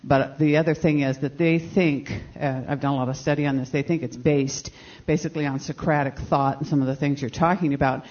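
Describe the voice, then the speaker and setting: A man's voice: fairly high pitch, steady tone, a little fast, a little mellow. A man in the audience asking a long, earnest question, explaining at length. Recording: dull lo-fi recording.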